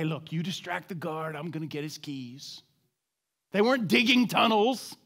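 A man with a notably high voice preaches in a church sanctuary, talking to the congregation in a conversational way. He throws out rhetorical questions and asks them to repeat lines back, then sinks low and soft to drive home the main point. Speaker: pastor. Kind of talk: sermon.

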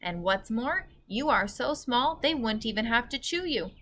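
A woman's voice: fairly high pitch, expressive, moderate pace, a bit bright, a little hiss or hum, voice pushed up. A woman voicing a big, friendly male giant with jumbled grammar in a children's book read-aloud. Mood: earnest. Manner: jumbled words and grammar, earnest.

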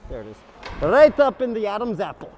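A man's voice: high voice, wildly swooping pitch, a little fast, a little mellow, slight background noise. A man playing hockey goalie with a camera mic running, cracking self-deprecating jokes through the game. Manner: joking, self-deprecating banter. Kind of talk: mic'd-up game commentary. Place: hockey rink during a game. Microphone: helmet-mounted action camera.

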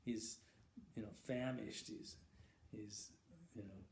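Guy telling a long rambling joke, stumbles and repeats words, mellow voice, echoey room. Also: fairly low pitch, steady tone, creaky, slight background noise. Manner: halting, repeats words, chuckles. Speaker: joke teller. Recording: echoey room with faint ambience.

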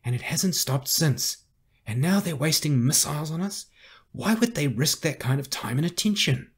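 A man's voice: mid-range voice, normal speed, breathy edge, pitched above the performer's own voice. A man voicing a determined young woman rebel soldier who argues with her superiors, earnest and pleading, in an audiobook. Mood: insistent.

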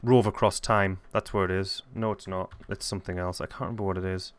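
A man hosting a casual software tutorial, rambling and correcting himself as he thinks aloud. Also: low voice, steady tone, quick pace, no room sound. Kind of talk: casual screen-recorded tutorial.

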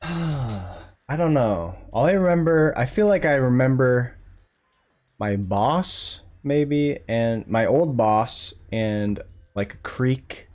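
A man's voice: medium pitch, expressive, takes it slowly, a little mellow. A man streaming live, chatting casually in a laid-back, rambling way with frequent chuckles. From North Carolina.

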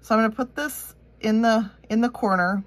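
A woman's voice: fairly high pitch, moderate pace, no room sound. A woman from Minnesota with a Minnesotan accent, chatting casually as she walks through a craft tutorial step by step. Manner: chatty and upbeat, thinking aloud while working. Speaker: craft instructor.

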